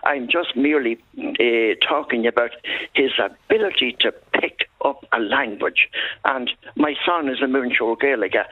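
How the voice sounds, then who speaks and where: A man's voice: mid-range voice, unhurried, no room sound. A male caller on a radio phone-in, telling stories in an emphatic, chatty way. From Ireland. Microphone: telephone. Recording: tinny phone line.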